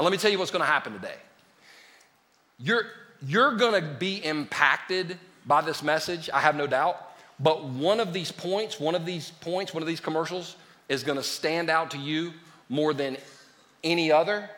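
Man, pastor sermon, high pitch, lively joking delivery, reverberant church hall. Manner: lively, joking with the congregation, calls them "y'all". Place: church sanctuary.

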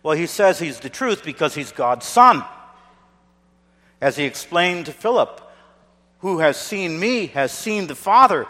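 A man preaching a sermon as a pastor, emphatic and swinging between hushed, low passages and loud declarations. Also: animated, unhurried. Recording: long reverb of a large hall.

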